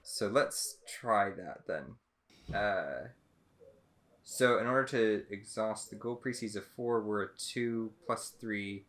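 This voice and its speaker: A man with a somewhat low voice talks through his turn in a card game. He thinks aloud and works out the numbers step by step. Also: slow pace, fairly bright tone. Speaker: co-host and player. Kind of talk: casual game planning.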